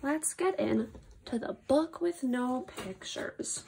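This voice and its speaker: Woman, children's read-aloud lesson, high lively voice, slow unhurried pace, playful exaggerated reactions. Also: creaky, a little hiss or hum. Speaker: teacher reading aloud.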